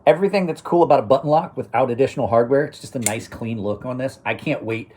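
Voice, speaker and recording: On a live stream, this middle-aged knife channel host talks quickly in a medium-pitched, darkish voice, with slight background noise behind him. His casual chat wanders, full of restarted sentences and little chuckles to himself.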